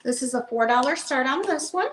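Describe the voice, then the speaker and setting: Woman, bookseller host, casual live-sale patter, fairly high voice, roomy sound. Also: expressive, slight background noise. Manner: casual, chatty, unhurried. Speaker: online bookseller. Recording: roomy echo.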